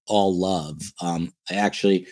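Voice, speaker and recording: A man with a New Jersey accent hosts a casual podcast livestream. His voice sits low, and he talks in an animated, playfully boastful way, teasing his co-hosts and the chat. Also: unhurried. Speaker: podcast host.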